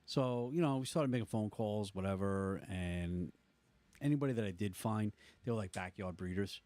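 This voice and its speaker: A man's voice: on the low side, moderate pace, darkish tone, no echo. A middle-aged man co-hosting a podcast, chatting casually and easily. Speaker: podcast co-host. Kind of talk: casual chat.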